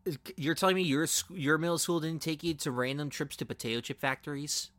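A man's voice: a little high, fairly quick, fairly bright tone, dry recording. A man co-hosting a casual podcast, answering with sarcastic jokes and reading out his notes. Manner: sarcastic, dry quips. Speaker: podcast co-host. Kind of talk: casual chat reviewing a movie.

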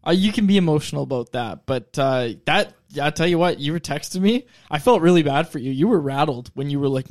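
A man's voice: on the high side, lively intonation, a little fast, few pauses, darkish tone, no room sound, studio quality. A man co-hosting a casual sports podcast, teasing and joking with his partner. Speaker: podcast co-host.

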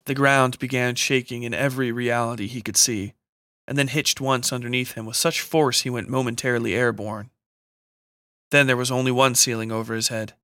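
A man narrating a scripted horror story in a steady, measured reading. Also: medium pitch, no room sound, studio quality.

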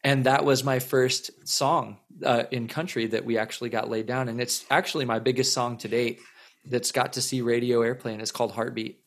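A man in his thirties tells a long story as a musician guest. His voice sits at an ordinary middle pitch. He rambles along, circling back with repeated words and plenty of fillers. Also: level tone, moderate pace, vocal fry. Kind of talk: casual storytelling interview.

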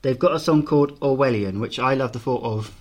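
A man's voice: medium pitch, a little fast. A man co-hosting a podcast in casual chat, teasing his co-host and reading out band news with crude jokes mixed in.

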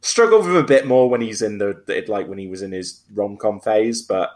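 A man's voice: on the low side, lively intonation, a little fast. A man hosting a casual film discussion podcast, talking with frequent restarts and hesitations. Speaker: podcast host.

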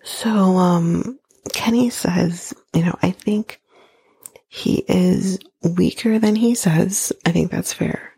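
A woman hosting a podcast, recapping a reality show in a blunt, sarcastic, swearing way, often slipping into a breathy near-whisper. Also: lowish voice, warm tone, no echo. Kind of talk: casual recap monologue.

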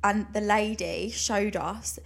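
A husky-voiced young woman chats easily as a podcast co-host. She talks in loose runs that trail off and restart. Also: mid-range voice, fairly even intonation, slow pace. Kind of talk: casual chat.

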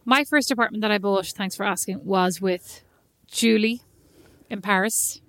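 A woman's voice: medium pitch, steady tone, normal speed, fairly bright tone, dry recording. A woman chatting casually, telling a long story and acting out the quoted exchanges. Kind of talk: casual chat.

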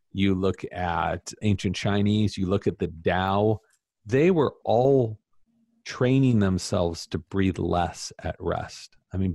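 A man being interviewed as an author, talking casually in an animated, emphatic, self-deprecating way. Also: low voice, creaky, no room sound, studio quality. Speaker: author guest.

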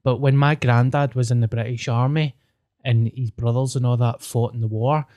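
A man's voice: mid-range voice, steady tone, normal speed, a little mellow. Scottish man, young adult, podcast co-host, chatty, sweary, casual chat.

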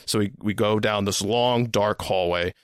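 A man's voice: fairly low pitch, steady tone, unhurried, smooth, dry recording, clean studio sound. A man hosting a podcast, telling a story in a rambling, casual way, repeating words and swearing now and then. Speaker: podcast host.

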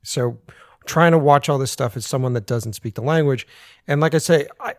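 An animated American filmmaker talks casually on a podcast. He swears freely, laughs easily and keeps his voice at an everyday middle pitch. The sound is dry and close. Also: moderate pace, dry recording. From United States. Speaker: filmmaker guest.

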